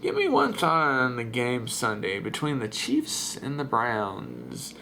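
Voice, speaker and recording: A man's voice: mid-range voice, wildly swooping pitch, slow, sharp tone, a little hiss or hum, exaggerated voice. A man voicing a bemused male radio host who hesitates with many fillers, in a comic voice-over dub.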